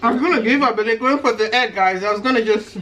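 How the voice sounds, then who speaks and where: A woman's voice: fairly high pitch, fast, a bit bright, slight background noise. Teasing mother, heard from a little distance. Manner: teasing, laughing, addresses viewers. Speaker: mother and channel host. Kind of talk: casual family mukbang chat.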